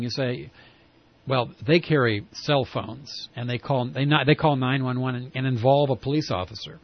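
A man hosting a casual talk show, speaking in a rambling, halting way with frequent restarts. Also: medium pitch, lo-fi sound. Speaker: talk radio host. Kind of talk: casual conversational interview.

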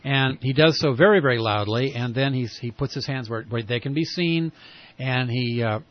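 A man hosting a casual talk show, speaking in a rambling, halting way with frequent restarts. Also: mid-range voice, lo-fi sound. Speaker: talk radio host. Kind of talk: casual conversational interview.

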